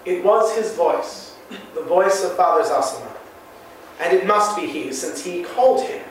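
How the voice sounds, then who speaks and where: A man narrating a classic novel in a measured, solemn way. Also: high voice, lively intonation. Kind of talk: audiobook reading of a classic novel. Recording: very echoey room, mic far off, faint hiss.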